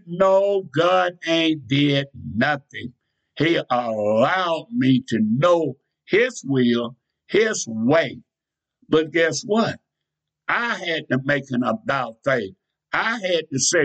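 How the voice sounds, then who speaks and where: Slow, emphatic male preacher. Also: fairly high pitch, very animated, low-quality recording. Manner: call-and-response preaching with sudden shouts; folksy, repeats phrases for emphasis. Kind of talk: sermon.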